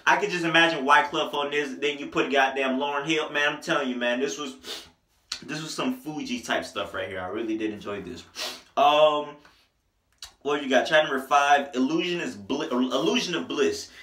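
A man's voice: mid-range voice, normal speed, sharp tone, reverberant. A young man reviewing an album in a loose, joking, slangy way, breaking into bits of song. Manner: loose, joking, slangy, sings snippets of songs. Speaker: music reviewer. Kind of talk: casual album review vlog.

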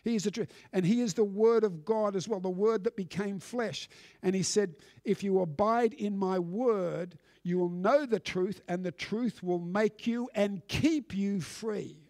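High-pitched guy preaching in church, emphatic, keeps restarting, dry sound. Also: measured pace, mellow, dry recording. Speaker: pastor. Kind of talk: sermon.

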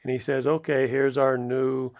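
A man reviews a movie from home in casual video commentary, and the recording sounds muffled. His medium-pitched voice moves at normal speed with little pitch variation as he rambles, chuckles frequently, and wanders off on tangents.

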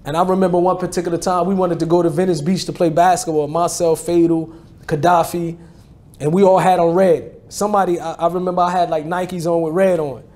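A man's voice: high-pitched, little pitch movement, a little fast, darkish tone. A man in his forties from New Jersey telling his life story in a casual, slangy way, often restarting and adding "you know what I mean.". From New Jersey, USA. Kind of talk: personal storytelling talk.

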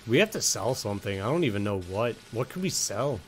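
A man's voice: fairly low pitch, very animated, brisk, a little hiss or hum. A young man commentating on a video game, joking, swearing and talking to the characters on screen. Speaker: gaming streamer.

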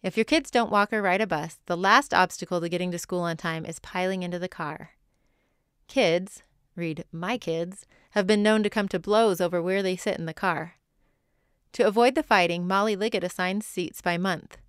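Woman in her thirties, podcast host, smooth clear tone, close dry mic, scripted storytelling with asides. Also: lowish voice, moderate pace, no room sound. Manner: reads stories from other mothers with personal asides. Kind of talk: scripted narration.

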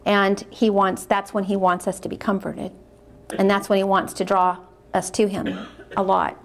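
A woman's voice: mid-range voice, little pitch movement, moderate pace, slight background noise. A woman speaking at a religious conference, reading diary passages aloud and commenting on them in an earnest way, repeating words when she is moved.

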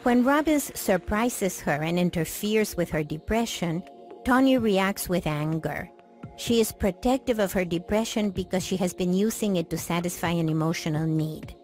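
A woman giving calm, explanatory scripted narration for a documentary. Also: on the low side, normal speed, faint music behind.

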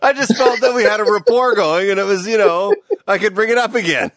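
A man's voice: high-pitched, fairly quick. A man from Canada, co-hosting a podcast, chatting bluntly and laughing often. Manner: giggly, blunt, lively. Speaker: podcast co-host. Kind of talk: casual podcast chat.

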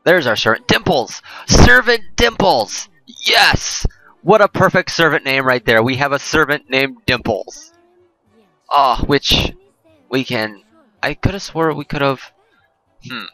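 A man talks through a game in a rambling, jokey way and keeps correcting himself. His voice is bright and animated. He sounds dry and close to the mic, with faint music underneath. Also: medium pitch, a little slow, dry recording, low-quality recording. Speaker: let's play host. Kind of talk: casual gameplay commentary.

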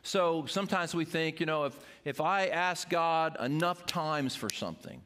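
A man's voice: on the high side, animated, normal speed, bright, forceful tone. An older man, a pastor, preaching an earnest sermon to his congregation.

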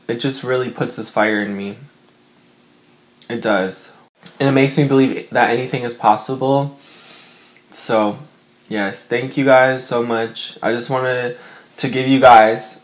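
A young man vlogging from his bedroom, chatting to his viewers in an emotional, rambling way with lots of fillers. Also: medium pitch. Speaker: mukbang vlogger. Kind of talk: casual chat to camera.

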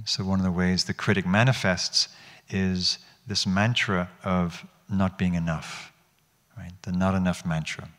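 A man's voice: deep voice, a bit bright. A man teaching meditation to an audience in a hall, speaking reflectively and asking them questions, often restarting his phrases. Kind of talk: dharma talk.

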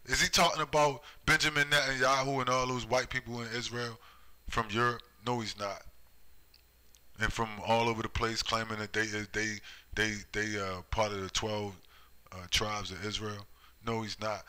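Man, heated sermon, rhetorical questions, sharp bright voice. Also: medium pitch, fairly even intonation, moderate pace, low-quality recording. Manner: heated, repetitive, rhetorical "right?" tags. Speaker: online preacher. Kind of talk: street-style scripture commentary.

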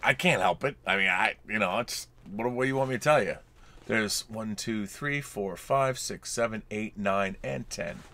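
A man's voice: lowish voice, moderate pace, pushed and bright. A man co-hosting a casual film chat, joking around and reading viewer comments aloud. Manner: jokey, reads super chats aloud. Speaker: podcast co-host. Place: home studio with collectibles.

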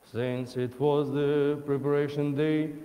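A man chants a scripture reading in a very slow, drawn-out sung style, his voice mellow and a little high. The sound rings through a large church with a long, roomy reverb. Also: flat delivery. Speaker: priest. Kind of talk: chanted Gospel reading in liturgy.

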